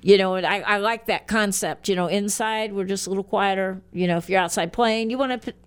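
A woman's voice: medium pitch, a little fast, clear, resonant tone. An older woman hosting a radio talk show, asking friendly leading questions in casual chat.

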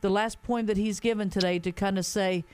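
A woman guest on a Christian talk show who speaks earnestly in quick, running sentences. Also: mid-range voice, fairly even intonation, darkish tone, smooth, no room sound. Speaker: guest sharing a spiritual message.

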